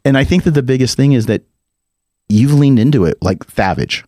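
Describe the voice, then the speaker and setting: A man's voice: mid-range voice, lively intonation, brisk, warm tone, slight background noise. A man hosting a podcast, asking questions in an earnest, reflective, motivational way. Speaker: podcast host. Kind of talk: casual podcast interview.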